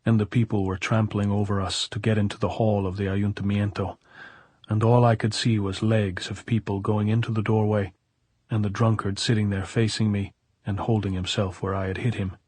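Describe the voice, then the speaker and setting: A man reading a novel aloud as an audiobook narrator, in a steady, measured storytelling manner. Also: lowish voice, breathy edge, no room sound.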